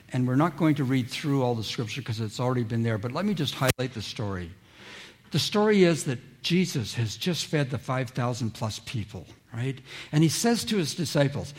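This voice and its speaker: A man's voice: mid-range voice, lively intonation, brisk. A man preaching a sermon, telling stories and acting out quoted voices, drawing listeners in with questions. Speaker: pastor.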